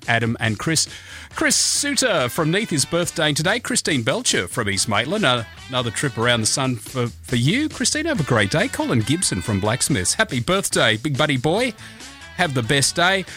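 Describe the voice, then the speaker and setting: A man's voice: fairly high pitch, bright, forceful tone. A man with an Australian accent hosting breakfast radio, chatting casually and reading out birthday wishes with jokey, self-mocking asides. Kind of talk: casual radio chat and birthday call-outs.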